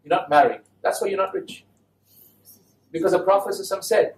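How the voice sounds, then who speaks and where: Animated male lecturer in an echoey hall. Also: high-pitched, racing, vocal fry, long pauses. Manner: animated, questions the audience often. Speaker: Islamic speaker giving a talk. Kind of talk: lively lecture to an audience. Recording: echoey hall, mic at a distance.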